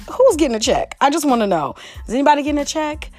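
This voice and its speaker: A woman's voice: high-pitched, big pitch swings, fast, a little mellow, soft background music. A woman hosting a casual solo podcast, talking in a chatty, exclamatory way. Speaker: podcast host.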